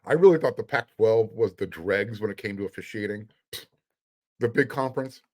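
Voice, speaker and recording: A man's voice: fairly low pitch, normal speed, a little mellow. Fired-up sarcastic sports podcast host man. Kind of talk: casual sports commentary podcast.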